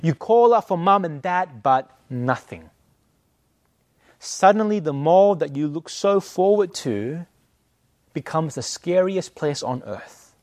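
A man preaching a sermon, telling a story and moving from hushed to emphatic. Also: fairly high pitch, expressive, slow, no echo, studio quality. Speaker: pastor.

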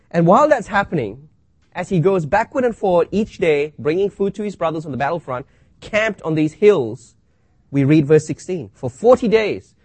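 A man preaching a sermon, reading scripture aloud and asking rhetorical questions with dramatic pauses. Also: on the high side, darkish tone, breathy edge, no echo.

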